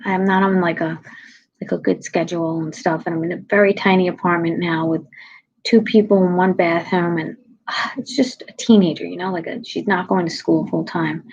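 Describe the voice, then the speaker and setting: A tired woman comedian with a low voice, ranting bluntly and sarcastically to her viewers in a casual chat. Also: lo-fi sound. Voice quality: low, husky. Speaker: comedian live-streaming.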